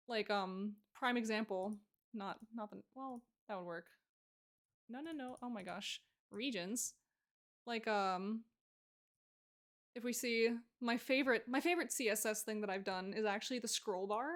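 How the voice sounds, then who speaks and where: A woman's voice: mid-range voice, normal speed. A young adult woman streamer chatting casually on a live stream, giggly and full of fillers.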